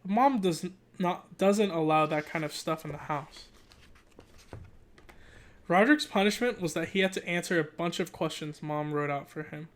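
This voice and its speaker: At a moderate pace and mid-range pitch, a relaxed amateur reader gets through a children's book in a single unedited take for their channel. Stumbled words get restarted, self-corrections happen freely, and joking asides pop up between passages.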